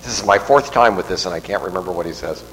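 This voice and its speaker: A man's voice: sits low, fast talker, a bit bright. A middle-aged man, a priest, giving a homily in a conversational, digressive way with restarts and asides. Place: church. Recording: long reverb in a large church, faint hum.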